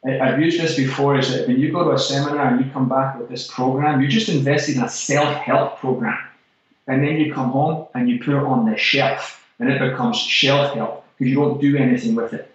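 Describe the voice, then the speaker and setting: A Scottish man who regularly hosts a segment delivers an emphatic motivational monologue on the fitness business, repeating key phrases for punch. His medium-pitched voice is steady in tone and brisk. The room sounds very echoey, distant and dull.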